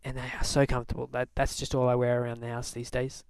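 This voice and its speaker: Casual male vlogger, mid pitch, relaxed chat, dry close sound. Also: fast, clean tone, no room sound. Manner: relaxed, chatty, lots of fillers.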